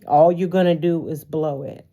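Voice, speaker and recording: A woman's voice: low-pitched, fairly even intonation, a little slow, dark tone. A woman giving a casual tarot reading to her viewers, talking animatedly, swearing freely and laughing often. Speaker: tarot reader.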